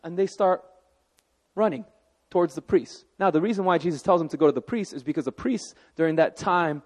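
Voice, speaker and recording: Male pastor, high voice, lively conversational sermon, reverberant hall. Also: fairly quick. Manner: animated, conversational preaching with asides to the congregation.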